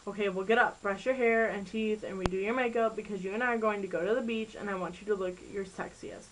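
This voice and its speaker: A bossy, loyal teenage best friend who gives brisk orders, as a woman reads her in a homemade storybook. Her voice sits at a middling pitch. She sounds firm and sure. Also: fairly even intonation, slight background noise, close to an everyday voice, low-quality recording.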